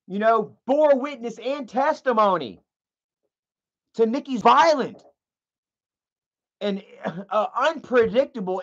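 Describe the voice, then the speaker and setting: A high-voiced man rants through his livestream commentary, swearing freely and rambling between fillers. The audio sounds dull and lo-fi. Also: fairly bright tone. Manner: ranting, profane, rambling with fillers. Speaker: livestream host. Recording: muffled lo-fi audio.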